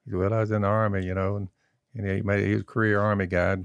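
A man's voice: fairly low pitch, little pitch movement, racing, gravelly, clear, resonant tone, dry recording. A man telling folksy stories on a podcast, acting out both sides of each conversation. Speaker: podcast co-host. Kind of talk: casual storytelling.

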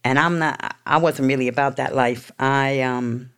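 A woman's voice: a bass voice, fairly even intonation, a little slow, a bit bright, smooth. A middle-aged woman from New York, a guest telling her own story in a blunt, swearing, streetwise way. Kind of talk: candid storytelling.

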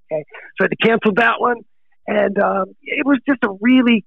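Gravelly excitable drummer man, lo-fi call. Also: high-pitched, brisk, dry recording. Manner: excitable, laughs often, says dude and freaking. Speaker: guest, rock drummer. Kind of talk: casual interview chat.

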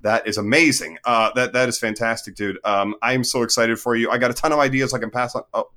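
A man's voice: medium pitch, fairly even intonation, fast talker, bright, forceful tone. A young man co-hosting a comedy podcast, reading fake emails in a mock-earnest, hesitant way with lots of fillers. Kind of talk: improvised comedy bit.

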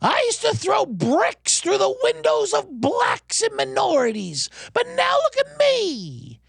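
A man putting on a cocky young braggart, shouting and drawing out his brags. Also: very high-pitched, huge pitch swings, vocal fry, dry recording, pitched above the performer's own voice, full character voice. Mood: boastful. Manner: loud, drawn-out bragging, shouting. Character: brash young male Brooklyn braggart, cocky. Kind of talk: comedic impression.

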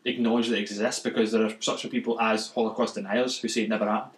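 A man's voice: lowish voice, flat delivery, racing. A man co-hosting a casual chat podcast, joking and arguing his points. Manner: joking, argumentative. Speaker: podcast co-host. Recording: roomy echo.

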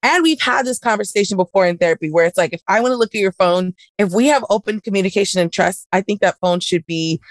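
A woman with a mid-range voice hosts a podcast, chatting casually at a quick pace with few pauses. Telling a story, she acts out both sides of an argument. The recording is dry.

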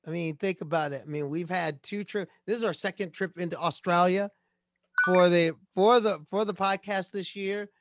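A man's voice: high-pitched, steady tone, normal speed, very noisy. A man co-hosting a podcast, speaking earnestly and reflectively, often restarting his sentences. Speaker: podcast co-host. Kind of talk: casual podcast chat. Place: Connecticut, United States.

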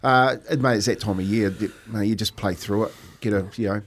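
A man's voice: fairly low pitch, brisk, a little hiss or hum. A middle-aged man, a former player, co-hosting a casual sports radio chat and telling stories with lots of restarts. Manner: rambling, animated storytelling with restarts.

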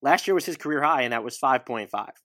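A man's voice: mid-range voice, animated, fast talker, fairly bright tone, dry recording, clean studio sound. A man in his thirties hosting a casual sports talk show, questioning his guest and reeling off stats. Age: 30s. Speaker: podcast host.

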